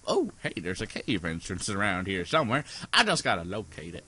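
A man's voice: on the low side, big pitch swings, fairly quick, few pauses, bright, forceful tone, breathy edge. A sleepy young man rambling through let's play commentary, goofy and scattered, with silly asides. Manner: goofy, rambling, sings snippets and silly voices. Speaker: gaming YouTuber.

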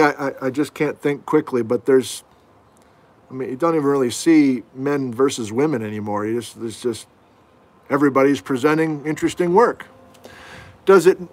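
A middle-aged man teaching geology in a casual livestream from home, answering viewer questions with folksy, self-deprecating asides. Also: fairly high pitch. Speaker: geology instructor hosting a livestream. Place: at home, indoors.

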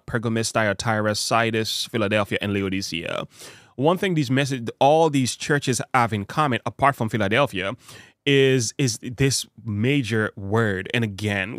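A man preaching a Bible study with a middle-pitched voice recorded dry and close, with no room sound. He reads scripture verses aloud and leans on key words in a measured way. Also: a bit bright, dry recording.

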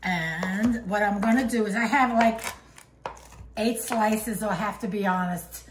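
A woman's voice: mid-range voice, unhurried, roomy sound, noisy background. An older woman giving a chatty, homey cooking demonstration in her kitchen, with chuckling asides. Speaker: home cook.

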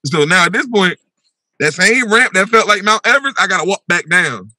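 Bright-voiced man telling a wild story. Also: fairly quick, no echo. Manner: animated, acts out his own past voice with big jumps in pitch; slangy, repeats "bro" and "yo". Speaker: podcast guest telling a story. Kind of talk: animated storytelling.

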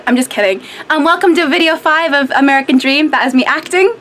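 Brief: a high-voiced young stage performer, teasing, loose backstage vlog tone. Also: female voice, quick pace, a bit bright, a little hiss or hum. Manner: playful, self-mocking.

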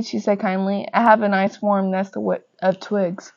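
A young woman reading a children's picture book aloud, in a lively storybook manner with gentle voices for the characters. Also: medium pitch, moderate pace, creaky. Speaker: reader. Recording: dull lo-fi recording.

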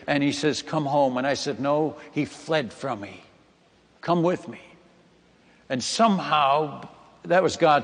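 Male preacher, high-ish voice, dramatic sermon storytelling, big hall reverb. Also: fairly bright tone. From Netherlands. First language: Dutch. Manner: emphatic, dramatic retelling that addresses the audience as friends and folks. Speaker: missionary preacher.

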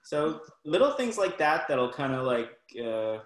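A man's voice: on the high side, sing-song, unhurried, roomy sound, rough recording. A man working as a talent manager, giving casual, rambling advice with frequent restarts at an online info session.

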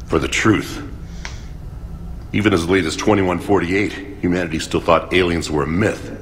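An actor playing an older male scientist who leads a research task force, explaining in an earnest, measured way. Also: sits low, fairly even intonation, a little hiss or hum, natural voice. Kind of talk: video game dialogue.

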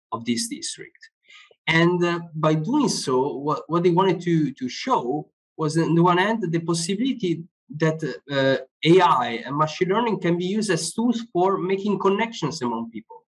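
An author being interviewed in a live online discussion explains his ideas, often repeating words while he hunts for the right phrasing. His voice sits on the high side and is slightly rough, and the recording itself is rough.

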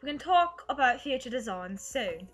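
A woman doing a smooth, flattering older boss in a put-on British accent. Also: sits high, normal speed, soft background music. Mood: suave. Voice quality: flattering, theatrical delivery. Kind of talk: reading game dialogue aloud.

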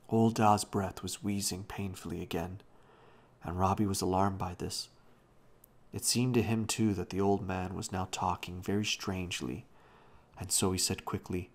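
A man slowly reading a children's novel aloud as a bedtime story at home, often hushed. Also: low-pitched, fairly even intonation. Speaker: reader.

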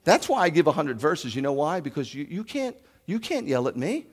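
A rabbi preaches to his congregation in a lively, rising and falling voice, full of rhetorical questions. He booms out scripture passages and sits a little high in pitch. The sound carries the long reverb of a big hall. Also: fairly quick, breathy edge. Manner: animated, rhetorical questions, loud scripture reading. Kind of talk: sermon. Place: congregation sanctuary.

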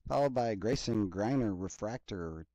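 Low, mellow-voiced man reading off card pulls. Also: moderate pace, no room sound, low-quality recording. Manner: rattles off player names in a steady list, with chatty asides. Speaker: card break host. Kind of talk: casual running commentary while opening card packs.

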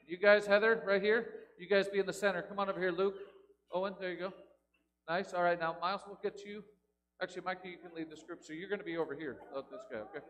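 Upbeat male pastor for a kids' sermon, bright and high, church reverb. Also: steady tone, quick pace, muffled recording. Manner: jokey, upbeat, chanting call-and-response. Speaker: pastor leading a children's talk. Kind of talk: playful children's message in church. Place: large church sanctuary. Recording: long reverb of a big church.

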